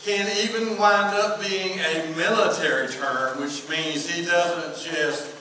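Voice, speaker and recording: A man preaching a sermon as pastor, reading scripture slowly, joking, and calling for responses from the congregation. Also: a little high, steady tone, bright, forceful tone, a little hiss or hum. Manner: call-and-response preaching, reads scripture slowly, tells jokes. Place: church sanctuary. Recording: echoey church hall from far off.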